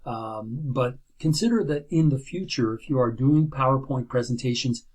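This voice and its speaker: Husky-voiced man giving a casual lecture. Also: medium pitch, moderate pace, a little mellow. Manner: conversational, many fillers and restarts, tag questions. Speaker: instructor. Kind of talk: recorded video lecture. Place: sitting in a chair at home. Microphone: laptop built-in camera and microphone.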